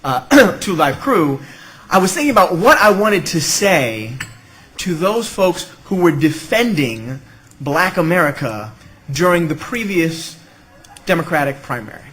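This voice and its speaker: A middle-aged man delivers a conference talk with a high, bright voice. His pitch swings widely as he makes his points, and he keeps tagging them with quick "okay?" and "right?" asides. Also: sing-song, low-quality recording. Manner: witty, emphatic, peppered with "okay?" and "right?". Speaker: panel speaker at an academic symposium.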